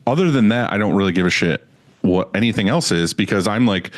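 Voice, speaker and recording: Blunt deep-voiced podcast host. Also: male voice, animated, a little fast, no room sound. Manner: blunt, casual, swears. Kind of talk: casual podcast interview.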